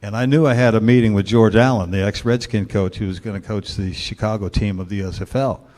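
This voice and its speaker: A man's voice: on the low side, steady tone, quick pace, darkish tone. A man in his sixties, a guest speaker telling a long, wry story to a luncheon club in a laid-back way.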